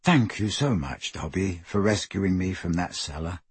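A gentle, dreamy teenage girl speaks softly and tenderly, as a male narrator puts her on. The voice stays low and husky, with a dry, close sound. It fits a calm audiobook reading. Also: measured pace, no room sound, full character voice. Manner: gentle and soft.

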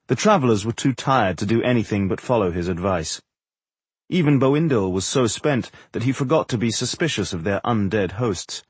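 A man with a husky voice narrating a fantasy audiobook in a measured, steady way. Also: lowish voice, dry recording.

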